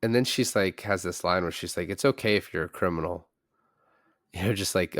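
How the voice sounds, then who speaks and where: A man co-hosting a podcast, casually recapping a film in a relaxed, rambling way. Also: low-pitched, a little fast, no echo, studio quality. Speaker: podcast co-host. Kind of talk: casual chat.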